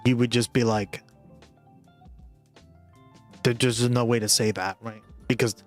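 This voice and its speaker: A man's voice: mid-range voice, fairly even intonation, measured pace, soft background music. Rambling man streamer chatting casually. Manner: rambling, full of "like" and "right?". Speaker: livestreamer. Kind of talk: casual chat with viewers.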